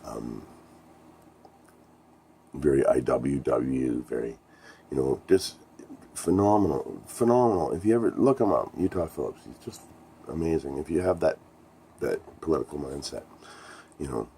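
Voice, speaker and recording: A middle-aged man with an extremely low, dark, mellow voice tells a band story in a casual vlog. He rambles, swears often and sounds thrilled by what happened. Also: normal speed, vocal fry, long pauses, breathy edge. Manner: rambling, profane, enthusiastic storyteller. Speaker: musician telling a band story.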